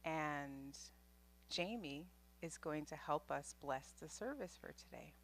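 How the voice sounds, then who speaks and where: A woman makes announcements to a congregation in a low, unhurried voice. She sounds heartfelt and laughs easily between her points. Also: expressive, slight background noise. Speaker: service announcer. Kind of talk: church announcements. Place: spiritual center service room.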